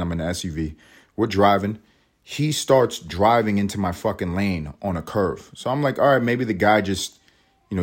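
A man hosting a podcast, telling a story in an animated way and swearing constantly. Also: lowish voice. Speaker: podcast host. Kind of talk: storytelling monologue.

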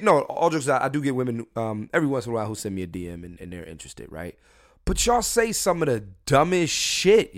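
A young man podcasting alone from his bedroom at night, a little drunk and high. His voice sits in an ordinary middle pitch. He rambles casually, drops into low mumbles, then jumps up loud to hammer a point. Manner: loose, joking and animated, swinging from mumbled asides to loud emphatic bursts. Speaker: podcast host. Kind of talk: casual solo podcast rant. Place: his room at home.

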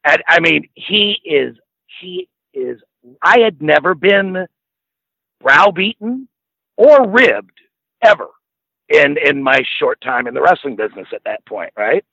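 A man's voice: on the high side, big pitch swings, a little slow, vocal fry, long pauses, pushed and bright, husky, no room sound, dull audio. A man, a former wrestling manager, telling long profane anecdotes as a podcast guest, laughing as he goes. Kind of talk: casual storytelling.

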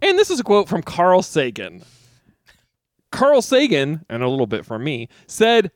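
A man's voice: high voice, wildly swooping pitch, unhurried, no echo, studio quality. A man co-hosting a comedy podcast, running a mock-earnest quotation segment.

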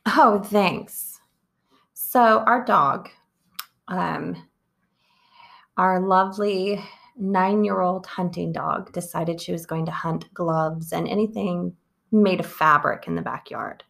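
A woman's voice: fairly low pitch, slow pace, gravelly, a bit bright. A woman co-hosting a podcast in casual chat, rambling along with lots of "like". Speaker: podcast co-host.

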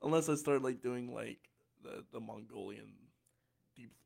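A man's voice: mid-range voice, a little slow, vocal fry, darkish tone, husky. Chatty man with a light tenor voice. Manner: chatty, restarts often, laughs easily. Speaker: podcast host. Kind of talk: casual chat.

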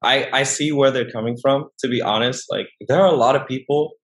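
Young vietnamese guy, english isnt his first language, lots of um and you know, middle pitched voice. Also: brisk, rough recording. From northern Vietnam. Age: young adult. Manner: hesitant, many fillers and restarts. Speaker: guest. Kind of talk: casual interview chat.

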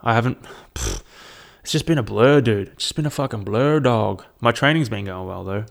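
A man's voice: on the low side, creaky. A young Australian man hosting a solo podcast, telling rambling stories and swearing constantly. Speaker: podcast host. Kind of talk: casual solo podcast monologue.

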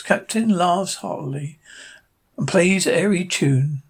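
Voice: mid-range voice, takes it slowly, vocal fry, husky. An amateur reader narrating a cartoon episode aloud, reading out the sound cues plainly. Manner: reads stage directions plainly.

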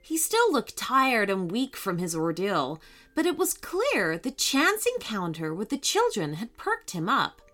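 A woman reading a children's story aloud in a gentle, expressive way. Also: mid-range voice, unhurried.

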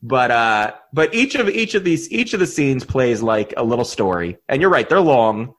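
A man's voice: medium pitch, big pitch swings, normal speed. A man co-hosting a podcast in casual chat, rambling and restarting his sentences, laughing often. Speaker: podcast co-host.

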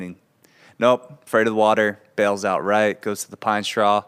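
A man's voice: fairly low pitch, level tone, normal speed, fairly bright tone, clear, resonant tone. A man co-hosting a golf podcast, explaining shots in an opinionated, casual way. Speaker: podcast co-host. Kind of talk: casual golf analysis chat.

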